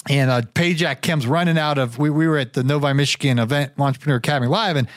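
Man, podcast host, slightly high voice, very dry sound, enthusiastic, rambling. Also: fast talker, no echo. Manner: enthusiastic, rambling, repeats himself. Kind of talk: casual podcast chat.

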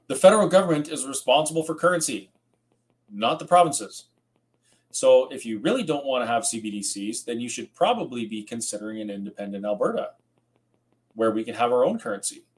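A man's voice: mid-range voice, animated, fairly quick, low-quality recording. A tired man hosting a rambling late-night livestream, reading out viewer comments and chatting casually. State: tired, yawning. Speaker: host.

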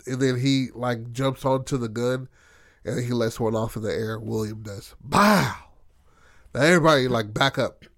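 A man's voice: medium pitch, moderate pace, no room sound, clean studio sound. Casual profane man retelling a story. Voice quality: profane, animated, acts out characters' lines. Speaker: storyteller recounting a tabletop game.

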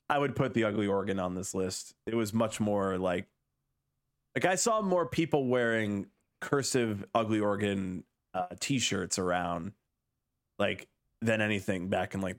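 A man in his thirties co-hosting a podcast, rambling and wry with lots of fillers. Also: lowish voice. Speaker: podcast co-host. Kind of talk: casual chat.

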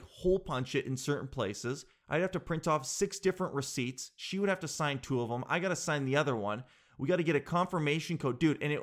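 A young man telling a comedic story in a rambling, sarcastic way, laughing at his own jokes and saying "dude" a lot. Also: on the high side.

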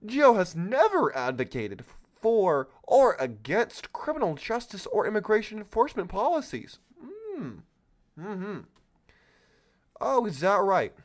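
A male podcast host who talks in a sarcastic, mocking way. His voice sits a little high for a man, and his pitch swings up and down a lot as he scoffs and exclaims. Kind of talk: solo political commentary podcast.

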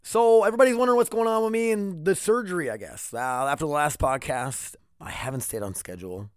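Man, podcast host, rambling, profane, joking, sore after neck surgery, slightly high voice, dry close sound. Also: quick pace, clean tone, no room sound. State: in pain after neck surgery, wearing a neck brace. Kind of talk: casual solo podcast chat.

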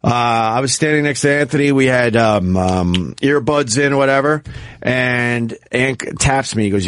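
A middle-aged male host chats in an easygoing way and keeps asking follow-up questions. His voice sits at a middle pitch, and the close microphone gives a dry, close sound. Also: measured pace, fairly bright tone, smooth, dry recording. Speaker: radio podcast host. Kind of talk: casual chat.

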